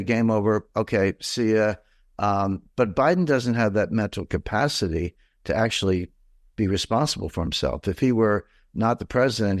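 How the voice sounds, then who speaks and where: A man's voice: lowish voice, no echo, studio quality. An older man, a financial commentator, giving blunt, opinionated and rambling answers in an interview.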